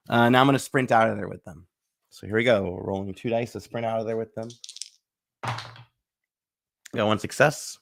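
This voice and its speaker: Gravelly man narrating a tabletop playthrough. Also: lowish voice, fairly even intonation, normal speed, long pauses. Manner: chatty, thinks aloud, acts out little bits. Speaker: board game host. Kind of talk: casual solo board game playthrough.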